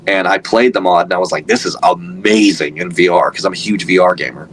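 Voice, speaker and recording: A man's voice: low voice, brisk, a little hiss or hum, low-quality recording. A man in his thirties, a voice actor guest, chatting casually in an interview, rambling with lots of fillers and restarts.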